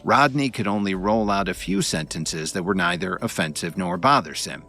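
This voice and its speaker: A man reading a web novel aloud as an audiobook, telling it in a dramatic, expressive way. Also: low-pitched, moderate pace, soft background music. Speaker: narrator.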